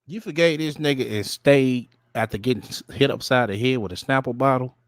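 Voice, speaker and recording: A man's voice: medium pitch, brisk, no room sound, studio quality. Blunt man mocking a played clip. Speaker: host reacting to a clip. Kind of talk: commentary on a played video.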